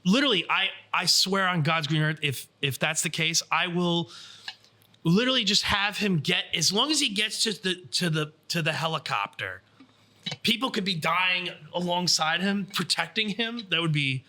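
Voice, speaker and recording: A man's voice: high voice, moderate pace, sharp tone. A man hosting a podcast in casual chat, rambling with lots of fillers from an indoor studio. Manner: rambling, heavy use of fillers. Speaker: podcast host.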